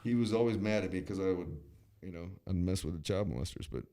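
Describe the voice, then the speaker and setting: A man's voice: deep voice, quick pace. A man telling a personal story in casual chat, blunt and profane, getting heated as he goes. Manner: blunt and profane, with frequent restarts; animated and heated when angry.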